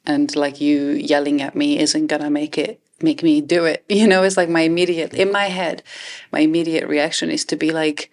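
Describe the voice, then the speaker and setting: A young adult woman co-hosting a podcast, reflective and halting, restarting sentences often as she explains her feelings. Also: low-pitched, flat delivery. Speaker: podcast co-host. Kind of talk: casual chat.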